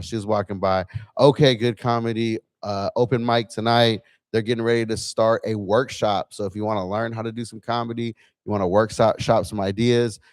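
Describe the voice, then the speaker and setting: With a fairly low pitch, a man hosts a laid-back, chatty livestream from a bar lounge, testing his gear while he talks. There's no room sound in the recording.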